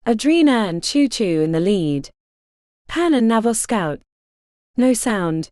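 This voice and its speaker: A woman narrating an audiobook in an expressive, animated way. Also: a little high, unhurried, no room sound, clean studio sound.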